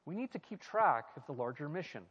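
Man, preacher, lively rising and falling voice, reflective teaching, long hall reverb, slightly muffled sound. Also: on the high side, brisk, breathy edge. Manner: reflective, asks the listener questions, repeats key phrases. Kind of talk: sermon-style Bible teaching.

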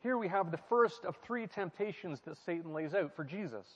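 A man with a high, husky, fairly bright voice and lively intonation preaches at normal speed through a Bible passage. His sermon-style teaching is reflective, full of questions to the audience and repeated key phrases. Audio is muffled, with a long hall reverb.

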